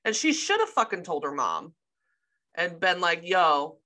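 A woman co-hosts a casual podcast chat, her voice bright and forceful. She retells scenes with animated energy and swears freely. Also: lowish voice, normal speed. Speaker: podcast co-host; sister of co-host.

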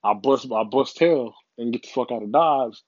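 A man's voice: medium pitch, moderate pace, no echo. Man ranting profanely, dull dry recording. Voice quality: profane, rambling, repeats himself. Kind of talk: casual motivational monologue.

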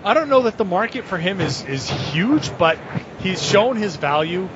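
A man co-hosting a casual sports podcast, animated as he reads listener tweets aloud. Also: high-pitched, normal speed. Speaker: podcast co-host. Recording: muffled lo-fi audio with clear background noise.

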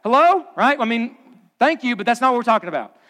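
Man, pastor, middle-aged, sermon, punchy asides, hushed low emphasis, long hall reverb. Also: big pitch swings, fast talker. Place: large church auditorium.

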